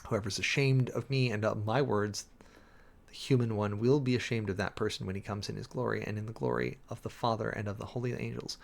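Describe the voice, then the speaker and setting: A man's voice: fairly low pitch, fairly quick, vocal fry. A man preparing a sermon, reading scripture aloud and thinking it through in a rambling, self-interrupting way. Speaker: preacher.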